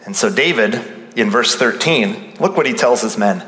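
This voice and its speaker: A male pastor preaching an animated sermon, acting out the voices of the people he quotes. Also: mid-range voice, moderate pace. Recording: roomy hall reverb.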